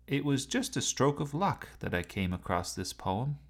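An earnest, impulsive young student, voiced by a male narrator, speaks eagerly in a raised voice. The delivery is lively, with a gravelly edge from the reader's own voice. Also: medium pitch, moderate pace, pitched above the performer's own voice.

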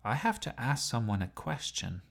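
A man's voice: mid-range voice, sing-song, moderate pace, vocal fry, pitched above the performer's own voice. A man voicing an eager, impulsive young male student with an earnest manner.

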